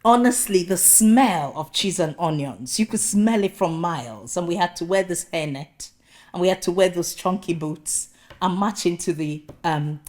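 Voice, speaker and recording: A woman from Nigeria with a Nigerian accent, giving a lecture about her personal journey as a professor, telling it with animated storytelling and humorous asides. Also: on the low side. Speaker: guest speaker, professor.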